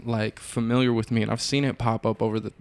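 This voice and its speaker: Podcast host guy, lowish gravelly voice, swears a lot, super casual. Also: flat delivery, fast, dry recording. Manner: casual, swears freely, fills with "like". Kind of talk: casual interview questions.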